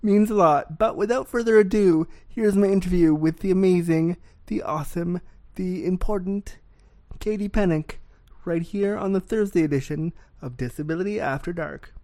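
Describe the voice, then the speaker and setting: A Canadian woman hosting a podcast, chatting in a lively, rambling way with quick tangents. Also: fairly low pitch, no echo. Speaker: podcast host. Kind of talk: casual interview chat.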